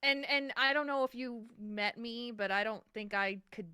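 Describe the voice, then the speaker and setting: A woman's voice: a little high, pushed and bright, clear, resonant tone, no room sound, studio quality. A woman co-hosting a casual chat show, talking frankly and laughing easily. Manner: frank, chatty, quick to laugh. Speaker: podcast co-host.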